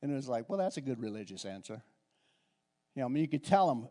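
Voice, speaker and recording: Man preaching a sermon, slightly high. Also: lively intonation, quick pace, mellow. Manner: conversational preaching with repetitions and restarts. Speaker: pastor. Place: church.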